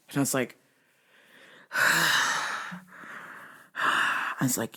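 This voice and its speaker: Cursing podcast host ranting a story, exasperated, voice climbs to yelling. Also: mid-range voice, big pitch swings, slow, pauses often, breathy edge. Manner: profane, exasperated, rising to yells. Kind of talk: comedic storytelling rant.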